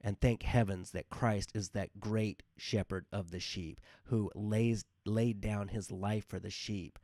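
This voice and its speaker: A man's voice: on the low side, steady tone, unhurried, darkish tone, no echo, clean studio sound. A man hosting a devotional talk, speaking earnestly and informally with many fillers and repeated words. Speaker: devotional podcast host.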